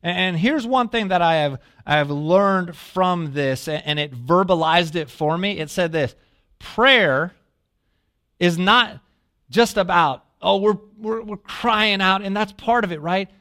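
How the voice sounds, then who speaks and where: A man preaching a sermon as a pastor, telling a story with lively asides and questions to the listeners, dropping to a hush when quoting prayers. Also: sits high, measured pace. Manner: animated storytelling, asks the congregation questions.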